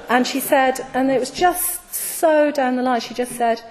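A woman giving a reflective storytelling talk to an audience, hesitant with many ums and soft trailing phrase endings. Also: on the high side, normal speed, few pauses, a little hiss or hum. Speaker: speaker at a Buddhist gathering. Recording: long hall reverb.

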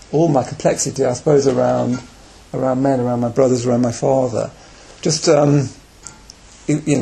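A man's voice: on the high side, gravelly, a little mellow. A man in his forties, speaking candidly and reflectively as a Buddhist speaker telling personal anecdotes on a retreat. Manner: candid, reflective, self-deprecating.

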